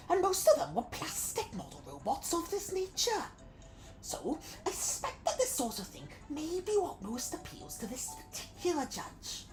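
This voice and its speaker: A woman's voice: sits high, pitched above the performer's own voice. Woman playing a courtly male strategist. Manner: courteous, put-on British accent. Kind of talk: reading game dialogue aloud.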